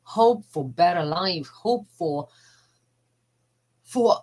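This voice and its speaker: A middle-aged woman life coach talking in a casual, earnest and halting way, often emotional, with non-native phrasing. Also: lowish voice, expressive, mellow, breathy edge, rough recording.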